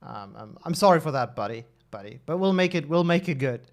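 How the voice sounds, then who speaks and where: A man's voice: fairly high pitch, expressive, fairly quick. A man in his thirties chatting casually on a live stream, talkative and often restarting and correcting himself. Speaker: streamer and level designer.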